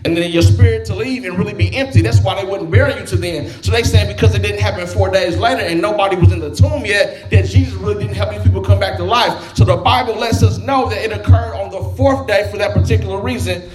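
A man's voice: high voice, fast talker, hardly any pauses. Folksy preacher man in a roomy hall. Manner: conversational, folksy preaching with vernacular phrasing. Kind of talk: sermon. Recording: roomy hall with music behind.

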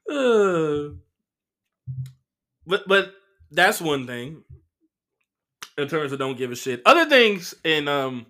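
Brief: male comedian host, solo chat, a touch high, bright and punchy, swears freely. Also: measured pace, long pauses. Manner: profane, animated storytelling with voiced quotes. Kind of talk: casual solo monologue.

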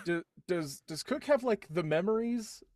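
A man's voice: high voice, animated, normal speed, a little mellow. A man playing a tabletop game, hesitant and asking questions. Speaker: player. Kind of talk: casual chat.

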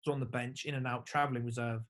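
Speaking very fast with little pitch movement, this young man from England has a mid-range, slightly bright voice. A former rugby player appearing as a podcast guest, he chats casually and tells laid-back stories full of fillers and curses.

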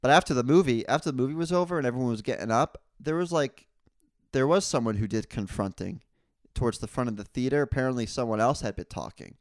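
A young man rambles through a casual podcast story, swearing freely and cracking crude jokes. His voice is smooth and clear at a middle pitch, and he gets louder when he is worked up. The sound is dry and close. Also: quick pace, dry recording. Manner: animated when worked up, voice jumps higher and louder. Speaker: podcast host. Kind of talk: casual solo podcast monologue.

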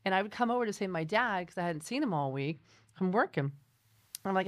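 Animated woman host telling stories. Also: mid-range voice, fairly quick. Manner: animated storyteller, acts out quoted voices. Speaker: podcast host. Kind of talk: casual interview chat.

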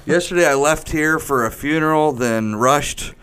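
A man's voice: on the high side, moderate pace, fairly bright tone, slight background noise. A man co-hosting a casual studio podcast, swearing freely and telling rambling stories about his weekend. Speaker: podcast co-host.

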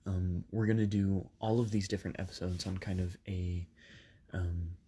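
A man in his twenties hosting a podcast from a bedroom padded with soft things. He is slightly sick and tells his story casually, with many ums and self-corrections. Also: deep voice, level tone, moderate pace, husky. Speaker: podcast host.

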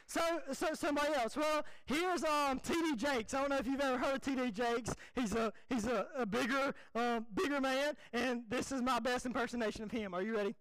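High-voiced young pastor. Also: male voice, brisk, hardly any pauses, clear, resonant tone, no echo, low-quality recording. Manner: folksy, animated, self-deprecating. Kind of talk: sermon.

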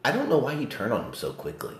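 A man casually discussing a movie, animated and profane, swinging between loud outbursts and low muttering. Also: fast, reverberant, a little hiss or hum.

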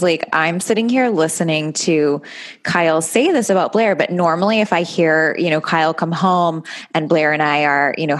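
A woman co-hosting a chatty podcast, with a fairly low voice. She talks frankly and laughs easily, dropping casual swears into her stories. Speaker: podcast co-host. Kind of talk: casual chat.

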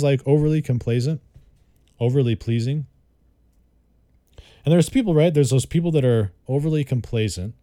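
A man's voice: medium pitch, warm tone, dry recording. A man giving a casual vocabulary lesson. He chats and repeats words and spells them out. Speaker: vocabulary tutor.

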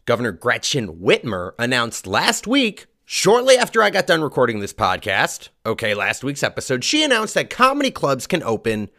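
A man rants from a home basement, crude and exasperated. His voice is bright and forceful, and his pitch swings widely as he vents. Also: wildly swooping pitch, moderate pace, creaky, hardly any pauses. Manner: angry, crude, exasperated ranting. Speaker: comedian podcast host. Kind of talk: profane ranting monologue.

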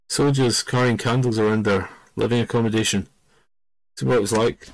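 Middle-aged Scottish-born podcaster, low voice, dry close sound, meandering storyteller. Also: male voice, steady tone, fairly quick, no echo, low-quality recording. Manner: rambling and digressive, loses the thread. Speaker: podcast host. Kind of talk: casual spoken storytelling.

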